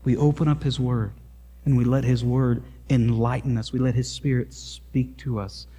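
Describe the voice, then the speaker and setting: A man from Missouri with a Missouri accent preaching a sermon as pastor, earnest and emphatic, becoming lively in his asides. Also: mid-range voice, normal speed, husky. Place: church sanctuary. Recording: long church reverb.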